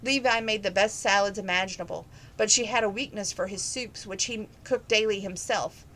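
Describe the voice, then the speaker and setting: Lady reading a christmas novel aloud, casual, slips here and there, mid pitch, faint hiss. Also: normal speed, a bit bright, rough recording. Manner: plain, with small slips and restarts. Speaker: reader. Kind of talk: casual read-aloud narration.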